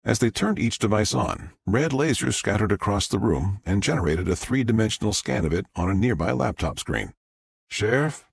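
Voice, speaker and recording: A man reading a novel aloud as an audiobook narrator, with a gravelly voice and a measured delivery. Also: fairly low pitch, animated, dry recording.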